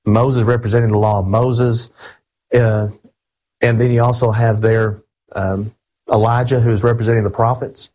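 Husky-voiced man preaching a sermon. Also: mid-range voice, level tone, normal speed, dark tone, muffled recording. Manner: earnest, emphatic, addresses listeners as friends.

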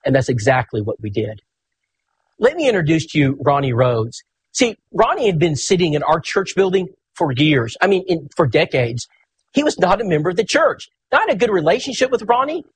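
A man, preaching in a folksy, animated storytelling sermon. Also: a little high, fairly quick, a little hiss or hum.

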